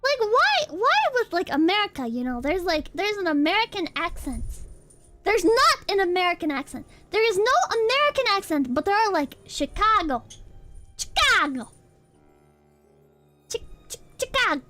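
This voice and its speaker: Streamer: very high, bright woman's voice, lively and giggly, light music under it. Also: normal speed. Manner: giggly, banters with chat, breaks into shrieking laughter. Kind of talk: casual chat with viewers.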